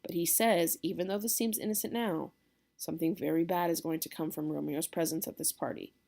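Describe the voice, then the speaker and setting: Female teacher, low voice, casual explainer who keeps checking in with her class. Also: steady tone, fairly quick, gravelly, warm tone. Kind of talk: classroom lecture.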